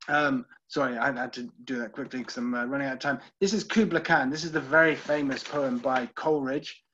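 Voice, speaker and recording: Leading a virtual literary tour live, this UK man with a British accent keeps things chatty, checks in on listeners and uses plenty of ums. His mid-range voice is fairly even, a little fast with hardly any pauses, bright, forceful and breathy, with the highs cut off.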